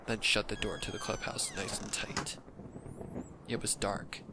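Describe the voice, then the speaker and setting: Gravelly-voiced man narrating dark fan fiction. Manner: low, measured narration dropping into whispers. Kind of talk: dramatic fan fiction reading. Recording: noisy home recording.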